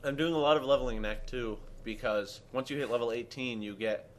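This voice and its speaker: A man giving casual commentary on his own game speedrun, explaining mechanics in a relaxed way while eating. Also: medium pitch, brisk, a little hiss or hum.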